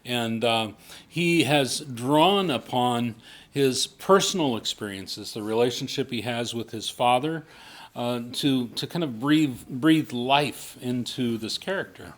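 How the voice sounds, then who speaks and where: A man co-hosting, giving measured, casual commentary on an interview clip. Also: medium pitch. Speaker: co-host commentator.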